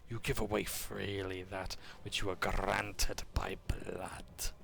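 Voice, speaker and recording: A man doing a slow, scornful draconian leader. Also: on the low side, gravelly, pushed and bright, slight background noise, full character voice. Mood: menacing. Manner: slow, drawn-out, contemptuous delivery.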